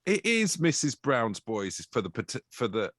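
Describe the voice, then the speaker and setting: Animated jokey male podcast host. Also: medium pitch, unhurried, no echo, clean studio sound. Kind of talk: comedic banter.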